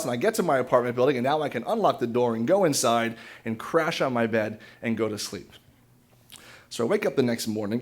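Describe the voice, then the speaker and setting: A man telling a funny personal story on stage in a casual, self-mocking way. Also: fairly high pitch. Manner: conversational, self-mocking humor.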